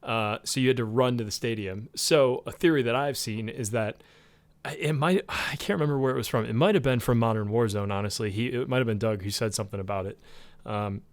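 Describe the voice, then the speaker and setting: Rambling excitable podcast co-host man. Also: mid-range voice, fairly quick, no room sound. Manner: rambling, with many fillers and restarts; excitable about the game. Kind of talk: casual gaming podcast chat.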